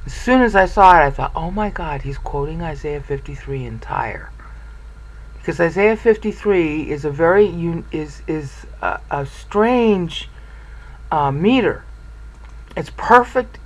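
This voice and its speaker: A Bible study presenter lectures informally over screen share, excitable and thinking aloud. The medium-pitched voice comes through poor audio, its loudness uneven and sometimes trailing off.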